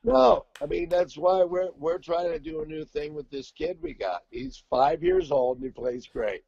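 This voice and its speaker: Gravelly, brash older man. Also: on the high side, moderate pace, no room sound, lo-fi sound. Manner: brash, profane, animated storytelling. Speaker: guest singer. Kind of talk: casual chat.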